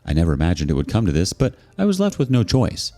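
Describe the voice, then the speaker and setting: A man narrating a story in a low, warm voice that rises and falls a lot. He tells it expressively, with a sarcastic bite in his asides, over faint background music. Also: huge pitch swings, quick pace. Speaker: narrator of reader stories. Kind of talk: scripted narration.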